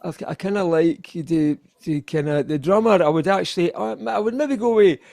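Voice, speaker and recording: An older Scottish man talks in a rambling, self-deprecating way, laughing often at his own stories. His voice sits a touch high with a gravelly edge, and the sound is close and dry. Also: normal speed, a little mellow, no echo. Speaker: guest musician. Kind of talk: casual interview chat.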